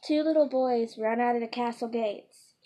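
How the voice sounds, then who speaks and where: A woman's voice: a little high, dark tone. A woman reading her own fantasy story aloud, stumbling and correcting herself often. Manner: halting, frequent self-corrections. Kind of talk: unpolished storybook read-aloud.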